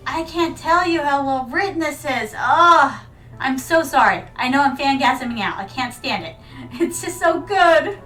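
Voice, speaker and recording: A woman's voice: sits high, expressive, unhurried, pushed and bright, recorded from a distance, low-quality recording. A woman streaming a video game, chatting playfully with her viewers, with giggles and dramatic yelps. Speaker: VTuber streamer. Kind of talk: casual gaming stream chat. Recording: mic set back, faint music behind.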